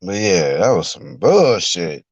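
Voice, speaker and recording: A man ranting on a live reaction stream, mocking and animated, sometimes breaking into shouted impressions, in a car. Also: low-pitched, slow pace, slightly rough. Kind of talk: profane live reaction rant. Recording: dull lo-fi dry recording.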